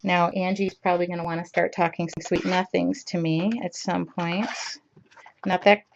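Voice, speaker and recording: A woman's voice: fairly low pitch, flat delivery, moderate pace, dull audio, a little hiss or hum. A woman hosting a casual live-streamed art lesson, chatting to viewers, greeting them by name and talking to herself as she paints. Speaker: art class host. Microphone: computer mic on a live stream.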